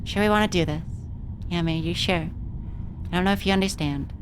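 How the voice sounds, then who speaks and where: Woman streamer, young, lowish voice, casual and foul-mouthed, reads game dialogue aloud. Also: a little fast, noisy background. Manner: casual, swearing freely.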